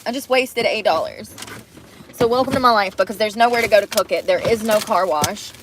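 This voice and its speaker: A woman's voice: mid-range voice, fairly quick, noisy background. A young woman venting and swearing to her phone camera from inside a parked car during rain. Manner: frustrated, swearing, ranting. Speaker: vlogger living in her car. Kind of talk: venting vlog.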